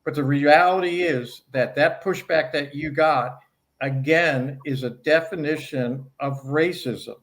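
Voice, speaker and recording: A man speaking as a guest professor in an interview, explaining his points in a measured, academic way. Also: a little high, a bit bright. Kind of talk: conversational interview.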